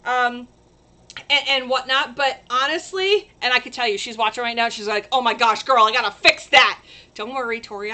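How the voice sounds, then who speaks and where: A woman hosting a casual crafting livestream, chatty and gushing with excitement. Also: high voice.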